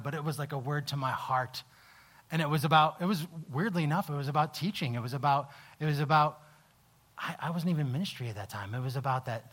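A male pastor with a slightly high voice tells a personal story in a sermon. He talks in halting restarts, swinging between lively scenes and quiet, low reflection.

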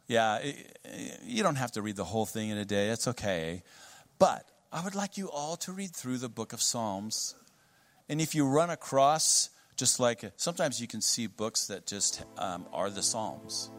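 A man's voice: mid-range voice, dry recording. A man preaching a sermon in a casual, conversational way with light humor. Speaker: guest preacher.

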